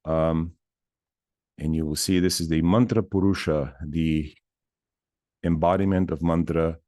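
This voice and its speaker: Deep-voiced man casually teaching chants. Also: steady tone, unhurried, warm tone, no room sound, clean studio sound. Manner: chatty, self-mocking, chants syllables between explanations. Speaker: spiritual teacher. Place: outdoors near a bridge.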